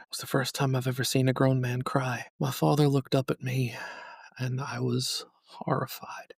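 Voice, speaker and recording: Podcast host, man in his 30s from New York: solemn, measured delivery, gravelly tone, dry close mic. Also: mid-range voice, dry recording. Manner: solemn, slow and measured with angry emphasis. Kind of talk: personal reflective monologue.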